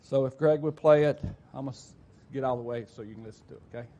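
A man's voice: medium pitch, very fast, dark tone. A man in his sixties preaching a folksy church sermon, rambling and homespun, with frequent restarts and self-corrections. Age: 60s.

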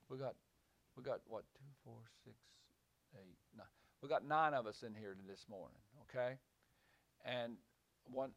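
A man leads small-group Bible teaching in a small room with a few listeners, rambling and repeating words before rising to emphatic points. His voice is mid-range, with no echo.

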